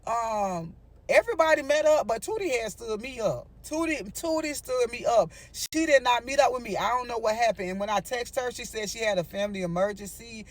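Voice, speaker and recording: A woman telling a story to her viewers in a casual, animated vlog, with frequent asides to them. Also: on the high side, a little fast. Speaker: storyteller vlogger.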